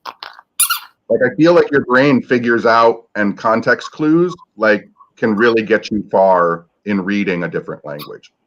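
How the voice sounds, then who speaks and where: A man's voice: fairly low pitch, moderate pace, few pauses, a bit bright. A man from Michigan co-hosting a live podcast, a chatty, jokey storyteller in casual talk. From Michigan, USA. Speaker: podcast co-host. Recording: dull lo-fi sound.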